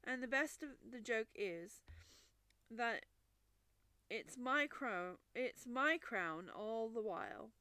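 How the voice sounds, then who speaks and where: A woman voicing a fussy, excitable king in a storybook reading, with fretful, breathless exclamations. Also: fairly high pitch, slow pace, no room sound, full character voice.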